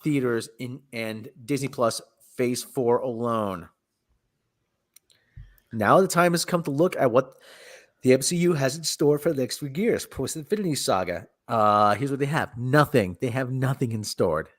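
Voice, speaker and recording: Speaking at a moderate pace in a medium-pitched voice, this man hosts a podcast chatting casually about movie news. Frequent sighs punctuate his sarcastic, exasperated manner.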